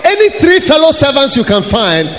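A pastor preaching a sermon to his church, shouting and chanting in a sing-song way, with laughs and mocking voices. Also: extremely high pitch, wildly swooping pitch, moderate pace. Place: large church hall. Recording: hall reverb with faint noise.

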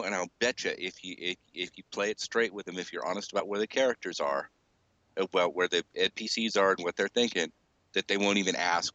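A man speaks in a low voice with a bright, forceful tone, recorded dry and close. He explains his ideas in a measured, conversational way. The dry mic leaves almost no room sound around him. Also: no echo, dull audio. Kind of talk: casual chat.

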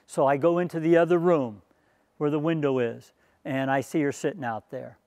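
Earnest man, conversational storytelling, fairly high voice, dry close mic. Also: steady tone, quick pace, a little mellow, dry recording. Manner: earnest, conversational, turns preachy at the end. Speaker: speaker sharing a testimony. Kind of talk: personal storytelling talk.

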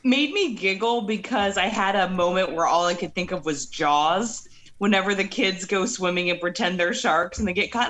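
A woman co-hosting a casual movie podcast, retelling scenes in a playful, animated way. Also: on the low side, normal speed.

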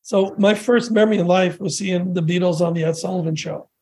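A man in his sixties, a podcast guest, telling rambling, animated anecdotes with restarts and quoted voices. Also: high voice, brisk, breathy edge. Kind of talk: casual storytelling interview.

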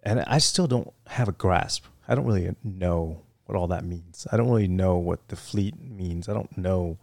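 A middle-aged man with a Vietnamese accent, a retired military aviator telling his story in a relaxed interview, full of "you know" fillers. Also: deep voice, moderate pace, gravelly, no echo. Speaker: interview guest, retired Marine fighter weapons officer.

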